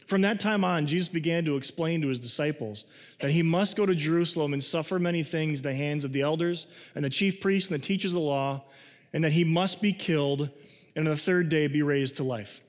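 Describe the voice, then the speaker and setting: A man preaching a sermon in a conversational way, reading scripture and explaining it, moving between excited and hushed delivery. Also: on the high side, brisk. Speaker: pastor. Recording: long hall reverb.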